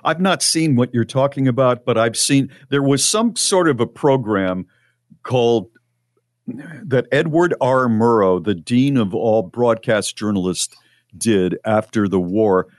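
A man co-hosts a radio talk show and tells a story in a measured, reflective way. His voice sits at a medium pitch. The recording is dry and close, with no room around it. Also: no echo. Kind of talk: casual chat.

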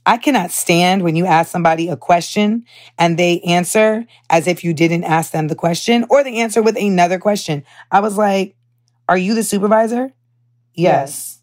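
A young woman hosting a podcast, telling a story in a candid, animated way with lots of fillers and swearing. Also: fairly low pitch, moderate pace. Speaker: podcast host. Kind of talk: casual chat.

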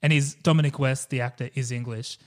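A man's voice: mid-range voice, fairly even intonation, fairly quick. A man co-hosting a podcast, chatting casually about a movie, enthusiastic, laughing often and swearing casually. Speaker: podcast co-host.

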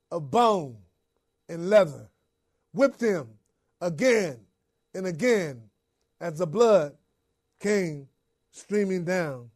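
A man delivering a dramatic sermon monologue, telling a story in the first person and dropping to a hush on repeated refrains. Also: high-pitched. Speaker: preacher.

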